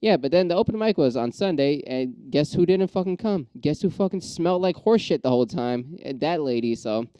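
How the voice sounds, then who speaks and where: Man ranting profanely, mellow and smooth. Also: on the high side, fairly quick, hardly any pauses, dry recording, low-quality recording. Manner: profane, rambling ranting with restarts; gets riled up then calms. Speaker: aspiring stand-up comedian. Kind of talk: casual monologue vlog.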